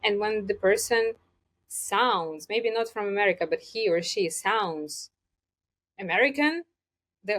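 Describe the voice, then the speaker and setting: A woman's voice: mid-range voice, measured pace, fairly bright tone. Chatty woman coach with a lilt. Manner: chatty, laughs often, frequent fillers. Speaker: communication coach. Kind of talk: casual interview conversation.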